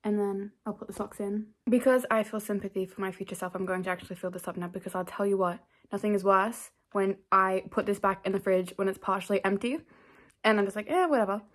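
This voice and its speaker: A woman's voice: mid-range voice, little pitch movement, brisk. A young woman in a casual bedtime vlog, chatting playfully and poking fun at herself. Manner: chatty, playful, self-mocking. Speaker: vlogger. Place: bedroom at home.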